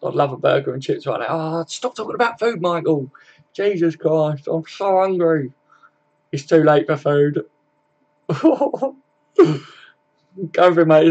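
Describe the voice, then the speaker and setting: A man's voice: a little high, a little mellow, highs cut off. A man hosting a casual live stream, chatting laid-back with viewers, greeting them by name and swearing freely.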